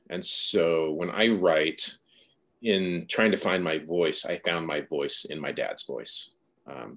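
Low-voiced novelist, thoughtful and soft. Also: male voice. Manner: thoughtful, soft-spoken, personal. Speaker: novelist guest. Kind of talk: reflective conversational interview.

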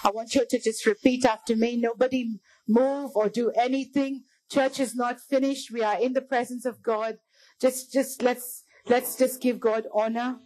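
A woman's voice: on the high side, steady tone, normal speed, dark tone, low-quality recording. A woman preacher delivering a fervent sermon in a church, often calling out to the congregation as church.

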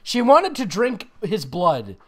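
A man's voice: sits high, wildly swooping pitch, slow. A man reading bad fan fiction aloud with friends, often breaking into giggles. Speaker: fanfic reader.

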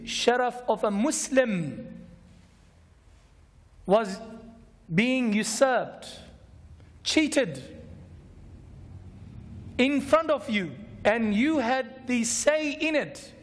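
A man voicing a stern angel who delivers a slow, solemn accusation, in an echoing hall. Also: very high voice, lively intonation, exaggerated voice. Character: stern male punishing angel. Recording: long echoing hall reverb.

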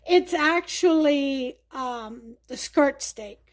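High-voiced unhurried New York woman cooking. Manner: chatty, thinking aloud with many fillers. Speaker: home cook host. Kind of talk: casual cooking demonstration. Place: home kitchen.

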